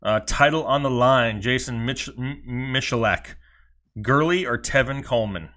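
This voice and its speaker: A man co-hosting a casual live stream. He reads viewer questions aloud in quick runs and slips in dry jokes, with an easygoing chatty rhythm. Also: medium pitch, sharp tone. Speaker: fantasy football show co-host.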